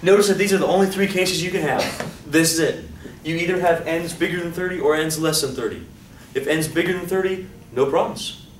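Animated male lecturer, teasing his class; roomy, distant sound with faint hiss. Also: a little high, a little fast, few pauses. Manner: animated, joking, asks class questions. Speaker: college statistics teacher. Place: lecture hall. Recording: echoey hall, voice off-mic, faint hiss.

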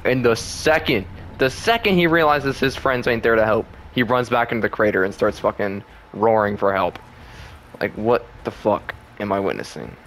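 Young male gaming host, lowish voice, loose profane trash talk with lots of laughing, faint hiss behind. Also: normal speed, a bit bright. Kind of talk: casual gameplay commentary.

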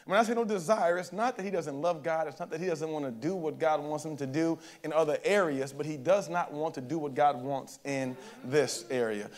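High-voiced male pastor preaching. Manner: conversational preaching, keeps checking in with the congregation. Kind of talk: sermon. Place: church service.

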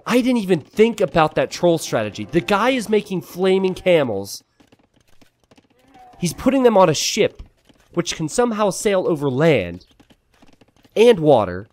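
An animated young man calls a strategy game live for his stream, his pitch swinging widely as he jokes with chat. He teases himself, tells stories and gets excitable when the action hits, speaking into a streaming mic. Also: unhurried. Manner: joking, self-teasing, excitable.

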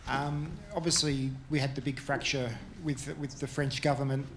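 A man's voice: medium pitch, little pitch movement, normal speed, fairly bright tone, slight background noise. A man, a journalist asking a question at a press conference, rambling and restarting as he goes. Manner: rambling, self-correcting, laughing easily.

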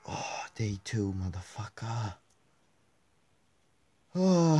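Foul-mouthed man yelling at a horror game. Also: lowish voice, lively intonation, takes it slowly, pauses often, faint music behind. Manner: swears constantly, swings from mutters to angry yelling. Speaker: gameplay commentator. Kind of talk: casual let's play commentary.

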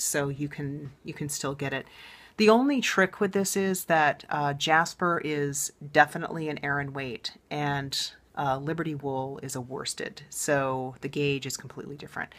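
A woman's voice: low-pitched, fairly bright tone. A woman hosting a knitting podcast, chatting casually and enthusiastically, thinking aloud with plenty of ums and restarts. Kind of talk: casual show-and-tell chat.

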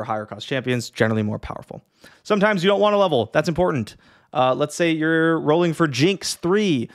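Chatty man explaining a game casually. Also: mid-range voice. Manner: chatty, lively, with frequent fillers and yawns. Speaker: streamer teaching a strategy game. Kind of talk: casual tutorial talk.

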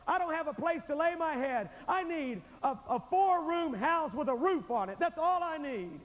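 A ragged blind beggar whines and pleads for clothes and a roof, as a preacher puts him on. The voice sits high for a man and rings with a long church echo from an old tape. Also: expressive, moderate pace. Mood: pleading. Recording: echoey church hall, old VHS tape.

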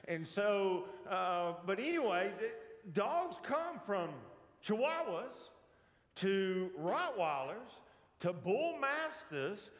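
A man's voice: high-pitched, very animated, slow pace, fairly bright tone, echoey room, in a large hall. A man with a Southern US accent teaching a casual church Bible lesson, folksy and joking, often putting questions to the class. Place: church hall.

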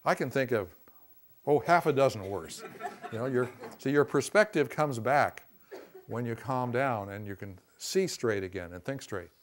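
Male lecturer with a mid-range voice, conversational, leaning on "you know" and "see", bursting loud when he acts out quoted voices. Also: mid-range voice, lively intonation, normal speed, slight background noise. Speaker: teacher of a boundaries class. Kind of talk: classroom lecture.

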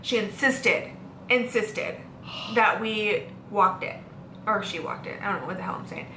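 A young woman hosting a casual chat, talkative and quick to laugh. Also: medium pitch. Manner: laughs often, chatty and playful. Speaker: host. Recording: echoey room, faint background noise.

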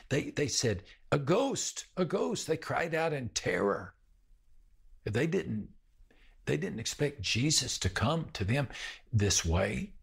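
A male pastor preaching a sermon in a slow, measured way, with pauses and repeated phrases. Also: medium pitch, vocal fry, breathy edge.

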